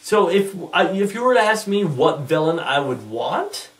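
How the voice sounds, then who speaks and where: Rambling man, slightly raised pitch. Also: big pitch swings, normal speed, fairly bright tone, recorded from a distance. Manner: rambling, with frequent restarts. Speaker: vlogger. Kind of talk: casual commentary monologue.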